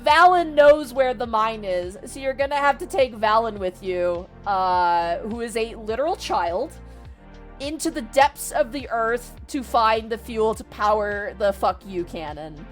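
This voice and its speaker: Excitable fast-talking woman streamer. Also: a little high, soft background music. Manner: excitable, rapid, swears freely, laughs mid-sentence. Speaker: VTuber streamer. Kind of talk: casual retelling of a novel to a stream chat.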